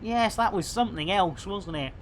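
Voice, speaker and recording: A man's voice: high-pitched, lively intonation, normal speed. A man giving playful, theatrical commentary on a live game stream. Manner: jokey, theatrical, lots of pet phrases.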